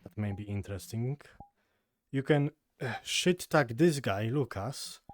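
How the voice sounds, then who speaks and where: A man's voice: mid-range voice, expressive, a little slow. A man with a Polish accent, chatting casually and laid-back during a role-play game session. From Poland. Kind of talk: casual gaming chat.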